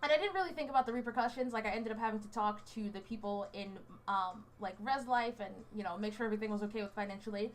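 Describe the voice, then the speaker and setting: A woman's voice: mid-range voice, fast, hardly any pauses, a little hiss or hum. A young woman in her twenties from the United States, a student vlogging in a casual, rambling way with lots of fillers and restarts, a bit fidgety. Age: 20s. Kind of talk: casual chat. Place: indoors under a hot light.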